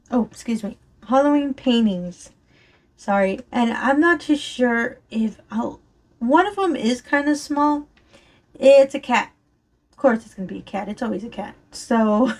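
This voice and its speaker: A woman chatting casually and rambling while she works on a craft, her voice a little strained from allergies, often apologizing and laughing. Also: sits high. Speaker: crafting vlogger. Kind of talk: casual chat while diamond painting.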